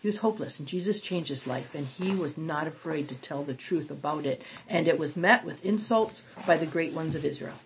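A woman leading a small-group Bible study, reading scripture aloud and commenting with animated, dramatic emphasis. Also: deep voice, a little fast, gravelly, hardly any pauses, a little hiss or hum. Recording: dull lo-fi recording.

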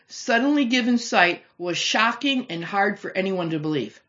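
A woman's voice: fairly high pitch, fairly bright tone. A woman teaching a Bible study lesson, explaining scripture and reading verses aloud with emphasis. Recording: slightly dull lo-fi recording.

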